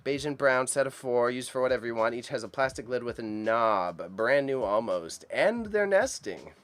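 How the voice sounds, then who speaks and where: A Canadian man hosts an auction live stream, chatting casually and enthusiastically with his chat viewers and using lots of slang. His medium-pitched voice is animated and a bit bright, at a normal speed.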